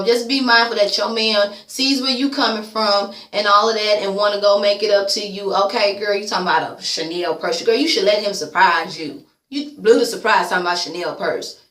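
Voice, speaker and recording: A woman recaps a reality show for her YouTube channel, sassy and blunt, swearing freely and addressing people as "girl." She talks briskly with hardly any pauses in a medium-pitched, fairly bright voice, and the sound is roomy.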